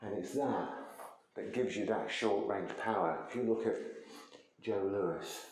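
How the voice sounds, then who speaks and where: A man's voice: on the low side, a little slow, a little mellow, reverberant, a little hiss or hum, low-quality recording. A man teaching a martial arts lesson, explaining things conversationally while he demonstrates moves.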